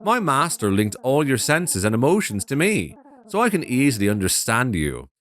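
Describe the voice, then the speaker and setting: A man's voice: mid-range voice, huge pitch swings, normal speed, a bit bright. A man voicing a cheeky, faintly sinister magical boy doll with a put-on Irish accent.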